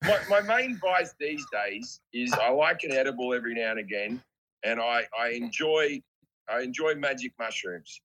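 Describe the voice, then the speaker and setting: A man's voice: medium pitch, animated, moderate pace, sharp tone, rough recording. An Australian man in his forties, chatting as a comedian guest over a video call, laid-back and self-deprecating. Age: 40s. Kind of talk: casual chat.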